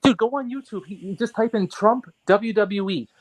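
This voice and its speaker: A man talking in a casual podcast conversation, animated and profane, repeating himself as he rants. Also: high-pitched, normal speed. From New York area. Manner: animated, profane, ranting with repetitions. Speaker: guest artist and photographer.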